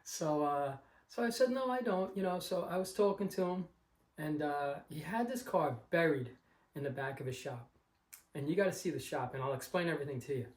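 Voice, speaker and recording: Recorded in an echoey room, a Long Island man who vlogs about car collecting tells a loose, rambling story of finding a car. His voice is somewhat high and animated, fairly quick, and he plays out the other people in the tale.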